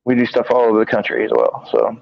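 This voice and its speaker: A man co-hosting a live paranormal talk stream, speaking in a halting, tired monotone with many fillers and restarts. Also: medium pitch, gravelly. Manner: monotone, tired from little sleep. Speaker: paranormal investigator and show co-host. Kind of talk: casual live-stream chat. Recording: dry, dull lo-fi stream audio.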